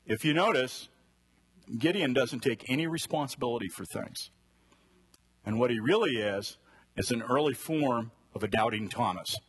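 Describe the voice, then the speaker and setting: A man's voice: medium pitch, lively intonation, moderate pace, fairly bright tone, slightly rough. A man teaching a conversational Bible study sermon and asking his listeners direct questions. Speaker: preacher.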